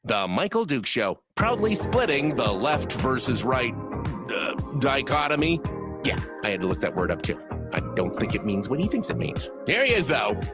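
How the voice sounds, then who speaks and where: A man's voice: medium pitch, very animated, moderate pace, natural voice. A man doing a wry, self-mocking announcer intro for a radio talk show. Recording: intro over loud music, slightly distant.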